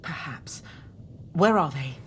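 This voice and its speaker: A woman's voice: deep voice, lively intonation, slow pace, slight background noise. An actress playing a loyal female companion who speaks earnestly and with passion. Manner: earnest, impassioned.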